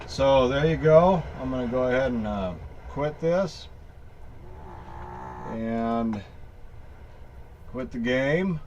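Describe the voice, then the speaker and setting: A man's voice: mid-range voice, slow pace, long pauses, darkish tone, lo-fi sound, a little hiss or hum. A man casually talking through a screen-recorded tech walkthrough, rambling and folksy, full of fillers and restarts. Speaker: tech tutorial maker.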